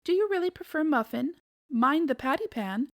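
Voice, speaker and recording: A woman voicing a polite, anxious female dog at a storybook tea party, talking in a hurried, flustered way. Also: sits high, expressive, voice pushed up. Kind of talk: storybook read-aloud.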